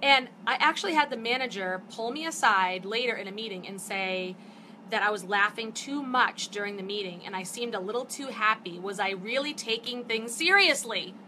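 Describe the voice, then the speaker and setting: Chatty, bright-voiced woman in her fifties. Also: on the high side, moderate pace, a little hiss or hum. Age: 50s. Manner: chatty, animated, gets fired up. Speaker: network marketing host. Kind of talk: casual live-stream talk. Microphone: phone or webcam for a live stream.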